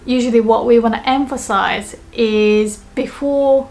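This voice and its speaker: A woman teaching Japanese in an online lesson, explaining clearly and slowing down to model phrases. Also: on the high side, fairly even intonation, darkish tone.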